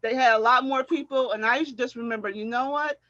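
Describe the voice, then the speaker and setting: A middle-aged woman, a former track athlete, telling animated stories in a casual chat and acting out what people said, often laughing. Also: fairly high pitch, quick pace, dry recording, muffled recording. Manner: animated storyteller, acts out quotes, laughs often.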